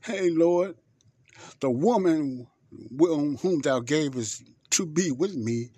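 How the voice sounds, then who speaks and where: A man's voice: on the high side, mellow, breathy edge, no room sound, clean studio sound, voice pushed up. A man voicing the biblical first man, Adam, as he defends himself and pins the blame on others in a pleading tone. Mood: defensive, whiny. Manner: whiny, pleading, quick to blame.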